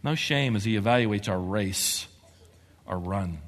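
A man preaching a sermon as pastor, moving between quiet, measured passages and excited, emphatic bursts. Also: lowish voice. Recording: long hall reverb.

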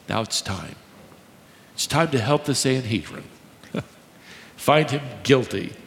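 A man preaching a sermon, dramatic, swinging between quiet and loud delivery. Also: medium pitch. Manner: dramatic preaching with sharp swings in volume and pace. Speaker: pastor. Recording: echoey hall with long reverb.

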